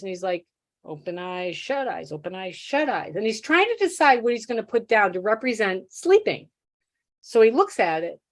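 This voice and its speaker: Her voice a little high, a middle-aged teacher of deaf children leads a workshop. She shares a story from her classroom, bringing the quoted lines to life in an animated way.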